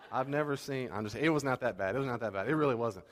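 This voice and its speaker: A male pastor preaching a sermon in a conversational, animated way, acting out bits of dialogue. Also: mid-range voice, fast, in a large hall.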